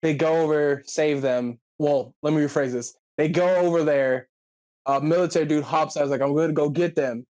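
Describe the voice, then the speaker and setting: A podcast co-host casually recaps a movie at a moderate pace and medium pitch, telling the story in an animated way and acting out the characters' lines.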